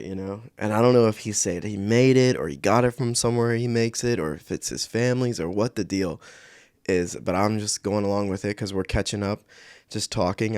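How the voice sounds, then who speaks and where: Low-voiced man telling a rambling story. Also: a little mellow, smooth, no room sound, studio quality. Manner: rambling, conversational, many fillers. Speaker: channel host. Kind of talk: casual storytelling.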